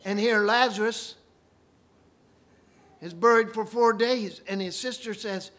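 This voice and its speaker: A man preaching a sermon, retelling scripture stories and swinging from quiet asides to loud, ringing proclamations. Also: high voice, a little slow.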